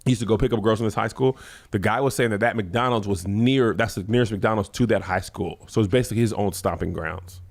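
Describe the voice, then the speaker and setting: A man's voice: on the low side, fast talker. A man co-hosting a podcast in casual chat, joking and often cutting across his co-host. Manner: animated, joking, talks over his co-host.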